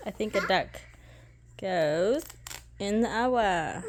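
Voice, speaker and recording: A mother playing with her toddler and teaching animal names in a slow, sing-song, praising way, recorded on a phone at home. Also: medium pitch, animated, background noise. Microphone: phone camera.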